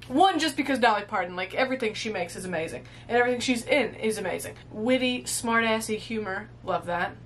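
Young woman, twenties, reaction host. Gushing and emotional, swears casually, teary, fairly high voice. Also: lively intonation, a little fast, few pauses, fairly bright tone, slight background noise. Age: 20s. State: teary after crying. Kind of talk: movie reaction and review.

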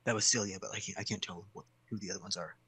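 A man taking part in a tabletop game as a player, quick and casual. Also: on the low side, steady tone, pushed and bright, breathy edge, dry recording, rough recording.

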